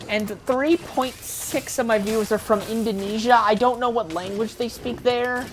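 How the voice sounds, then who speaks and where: A woman's voice: on the high side, moderate pace, a little hiss or hum. An American woman giving casual, rambling gameplay commentary full of ums and restarts. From United States. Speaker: gaming YouTuber.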